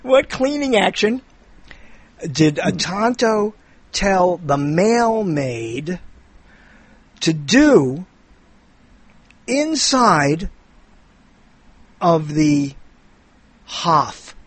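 A man's voice: high-pitched, very animated, slightly rough, dry recording. A man in casual chat, telling pun riddles with lots of laughter and restarts. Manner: giggly, halting, keeps restarting his riddles.

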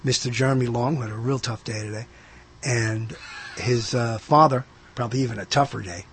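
A man's voice: mid-range voice, steady tone, brisk, slight background noise. A man hosting a casual comedy podcast, rambling and joking, slipping into mock announcer bits. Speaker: podcast host.

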